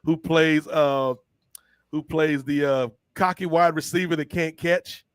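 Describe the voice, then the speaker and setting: A man hosting a casual podcast chat, retelling movie scenes in an animated, storytelling way. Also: fairly high pitch, unhurried, clean tone, dry recording, clean studio sound. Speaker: podcast host.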